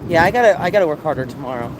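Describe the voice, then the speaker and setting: A man's voice: a little high, lively intonation, racing. A man livestreaming while walking city streets, talking passionately and ranting to his chat, with a sore throat and coughs. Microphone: handheld game console mic. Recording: loud wind noise on a handheld device.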